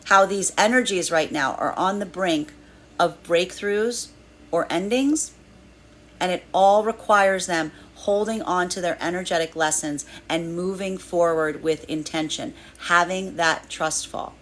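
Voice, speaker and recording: A woman's voice: fairly low pitch, measured pace, a little hiss or hum. A woman giving a flowing, spiritual tarot card reading, repeating phrases as she talks through the cards. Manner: flowing, spiritual, repeats phrases while acting out inner voices. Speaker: tarot reader.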